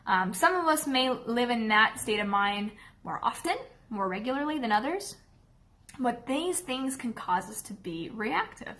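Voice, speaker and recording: A chatty woman dog trainer talks casually straight to camera in a slightly high voice. She is candid and self-deprecating, and she keeps checking in with her viewers as she goes. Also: lively intonation, measured pace, fairly bright tone. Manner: chatty, checks in often with "right?" and "okay?".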